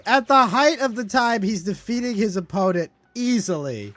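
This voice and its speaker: A man's voice: high-pitched, animated, moderate pace, few pauses, fairly bright tone, no echo. A male streamer ranting casually on a live stream, cursing a lot and sounding exasperated and sarcastic.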